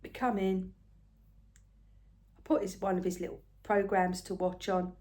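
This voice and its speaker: A woman's voice: medium pitch, flat delivery, measured pace. Chatty older woman. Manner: rambling, chatty, often soft and murmured. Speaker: craft vlogger. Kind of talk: casual storytelling chat.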